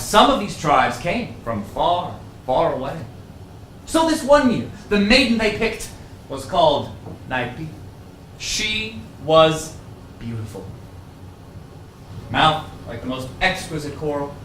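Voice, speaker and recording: A man's voice: high voice, bright, forceful tone, recorded from a distance, heavily acted. A man playing a pedantic professor who narrates a legend with theatrical swings in a stage play. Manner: storytelling with dramatic swings, pedantic. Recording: roomy stage, picked up from afar, faint noise.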